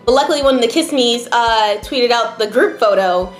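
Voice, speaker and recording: Young female vlogger, slightly high voice, chatty and emotional, roomy echo with faint music behind. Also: moderate pace. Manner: chatty, emotional, many fillers, near tears. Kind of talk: casual storytelling to camera. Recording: echoey room, faint background music.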